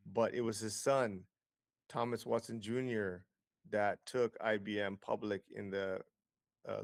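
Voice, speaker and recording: A man's voice: on the low side, smooth, no room sound, studio quality. A man as an interview guest, explaining investing with lots of figures, fillers and restarts. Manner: explanatory, data-heavy, frequent fillers and restarts.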